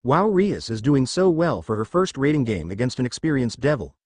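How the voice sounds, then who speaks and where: A man's voice: medium pitch, very animated, normal speed, no echo, clean studio sound. A man voicing a cheerful young female demon ruler in a read-aloud fan story, with an upbeat delivery.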